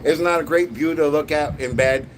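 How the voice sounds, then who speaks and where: A man's voice: on the high side, normal speed, slight background noise. A man chatting bluntly and profanely while streaming a Lego build. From Canada. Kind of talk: casual live-stream chat.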